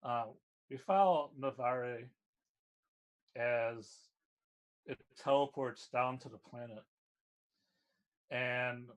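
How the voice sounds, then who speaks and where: Guy game master narrating a tabletop scene, slow and easy, lots of ums. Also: medium pitch. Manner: unhurried descriptive narration with fillers.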